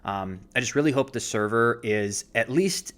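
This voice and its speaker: A man's voice: medium pitch, normal speed. A man in his thirties co-hosting a casual show, telling a long anecdote with lots of fillers. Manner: rambling, filler-heavy, animated retelling. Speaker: podcast co-host, actor. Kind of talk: casual storytelling chat.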